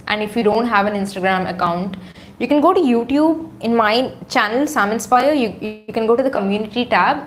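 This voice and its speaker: A woman's voice: on the high side, slight background noise. Chatty woman on a home livestream. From India. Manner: chatty, reads viewer comments aloud, many fillers. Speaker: YouTuber on a livestream. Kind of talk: casual livestream chat with viewers. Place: her room at home. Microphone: phone or camera on a tripod.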